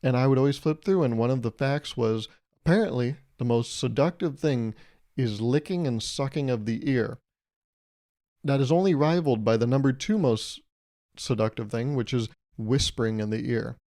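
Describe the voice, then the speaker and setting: A man's voice: medium pitch, normal speed, warm tone. A man in his twenties hosting a solo podcast, rambling and joking as he swears casually into his mic. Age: 20s. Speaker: podcast host. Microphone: podcast microphone.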